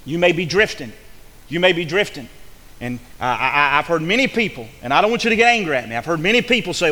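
A male pastor preaches in a bright, high voice. He repeats his phrases and restarts them fervently. The sound rings with long reverb, as in a church hall. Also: animated, quick pace. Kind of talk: sermon.

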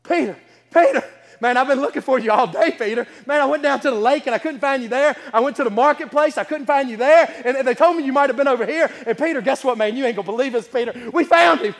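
A preacher acting out an excited male apostle, repeating his news in a breathless, urgent rush. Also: extremely high pitch, fast talker, pitched above the performer's own voice. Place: church sanctuary. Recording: long hall reverb.

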